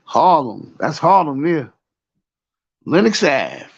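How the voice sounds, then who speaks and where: A man's voice: fairly high pitch, very animated, slow, husky, highs cut off. A man with a New York accent telling a rambling story in casual talk, often repeating "you know what I'm saying.". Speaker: show host.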